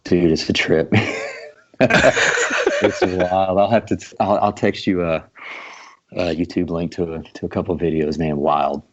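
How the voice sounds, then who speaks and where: A man's voice: low voice, fairly even intonation, normal speed, a little mellow. A man of about forty, a guest drummer, telling stories in a casual podcast chat, laid-back with lots of ums. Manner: laid-back storytelling with many fillers. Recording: dull lo-fi sound.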